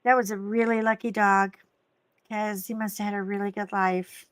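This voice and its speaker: A woman guest in casual chat, telling lively stories and acting out other people's lines. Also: mid-range voice, moderate pace, clean tone, dry recording. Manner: animated storyteller, acts out quotes.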